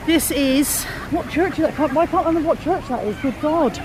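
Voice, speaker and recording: A woman's voice: sits high, brisk, a little mellow, low-quality recording. Chatty woman vlogging outdoors. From England, Bristol. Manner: chatty, self-mocking, narrating as she walks. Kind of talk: casual walk-and-talk vlog. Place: outdoors on city streets. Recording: street noise clearly heard behind.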